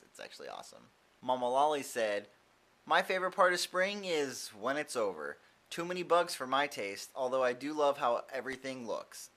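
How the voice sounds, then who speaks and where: Chatty young man telling a daily vlog story. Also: medium pitch. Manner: chatty, animated quoting of others. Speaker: vlogger.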